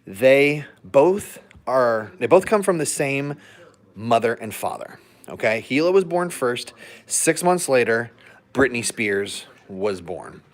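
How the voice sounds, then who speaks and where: This man's mid-range voice has a sing-song, slow quality. He's vlogging casually from a hotel room alongside his dogs, rambling, joking, laughing a lot, and offering pointers on training them.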